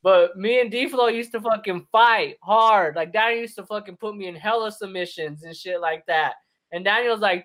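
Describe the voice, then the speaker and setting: His voice sits high and moves at a normal speed as he, a young podcast co-host, animatedly retells a profane story to friends, laughing throughout.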